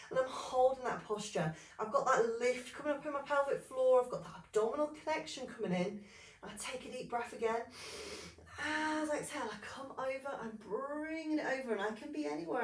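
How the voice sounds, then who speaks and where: A woman leading a yoga class, calmly calling out poses and breaths step by step with a little humor. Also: fairly high pitch, distant mic. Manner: calm step-by-step cueing, breath counts, light humor. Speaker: yoga instructor. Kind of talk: guided yoga instruction. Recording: roomy, voice a bit off-mic.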